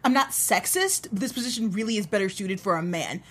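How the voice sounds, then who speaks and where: A woman playing a smug, sexist man coworker in a flat, matter-of-fact reading. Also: mid-range voice, a little fast, breathy edge.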